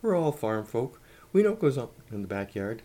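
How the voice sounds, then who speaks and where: A man's voice: medium pitch, big pitch swings, fairly quick, dark tone, lightly acted. A man voicing a bossy older country schoolmistress who talks in a folksy, commanding way.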